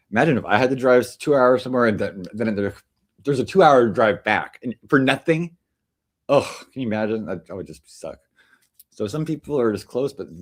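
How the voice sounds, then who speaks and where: A man with a fairly low voice hosts a casual livestream from his home. He rambles loosely, restarting his sentences and leaning on fillers as he chats with the viewers. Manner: chatty and meandering, many fillers and restarts. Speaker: livestream host.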